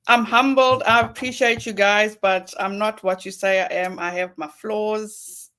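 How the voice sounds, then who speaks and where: A woman guest in a casual live-stream chat, modest and soft-spoken, heard over a remote call. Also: mid-range voice, fairly even intonation, a little slow.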